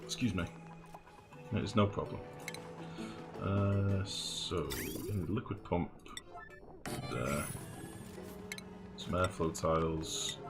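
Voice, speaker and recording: A man with a deep, low-pitched voice talks through his game in a casual, thinking-aloud way. He mutters figures to himself and throws in the odd swear word. Game music plays clearly underneath him. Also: slow pace, long pauses. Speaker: let's play host. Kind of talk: casual gameplay commentary.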